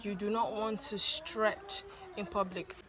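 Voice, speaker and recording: A woman's voice: medium pitch, flat delivery, measured pace, crowd noise. A woman vlogger talking to camera, giving first-date advice in a chatty, insistent way and often adding "okay?" and "please". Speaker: vlogger giving dating tips.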